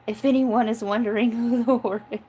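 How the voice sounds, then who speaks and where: A woman's voice: on the high side, fairly even intonation, fairly quick, warm tone, breathy edge, poor audio. A chatty woman from Oklahoma hosting a live tarot stream. She talks in a loose, casual way, swears freely, cracks jokes and breaks into laughter often. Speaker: tarot reader reading live chat. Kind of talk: casual livestream chat.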